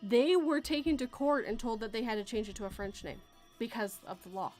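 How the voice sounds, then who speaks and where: Woman from canada, podcast host, fairly high voice, rambling casual chat, faint music behind. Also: expressive, brisk, darkish tone. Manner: rambling, self-correcting, laughs often.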